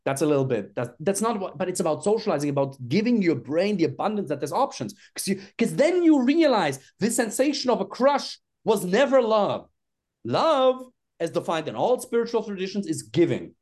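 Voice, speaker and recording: A man, a dating coach guest on a podcast, who talks bluntly, swears freely and acts out lines he quotes. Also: darkish tone. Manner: swings widely in pitch for emphasis. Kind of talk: animated podcast interview talk.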